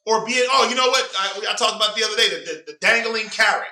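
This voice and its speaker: A man's voice: high-pitched, steady tone, fast, bright, forceful tone. A man leading a Bible class with call-and-response, emphatic and preachy, prompting a reader along. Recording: roomy sound from a distant mic.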